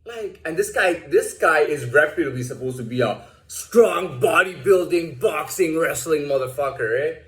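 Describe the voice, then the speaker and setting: A man tells his story in a rambling, foul-mouthed rant, stumbling over restarts. His pitch swings widely and sits a little high. The sound bounces around an echoey room. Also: lively intonation, normal speed, few pauses, a bit bright, soft background music. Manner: profane, rambling, many restarts, acts out quotes in a higher voice. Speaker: vlogger telling a personal story. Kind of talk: casual rant.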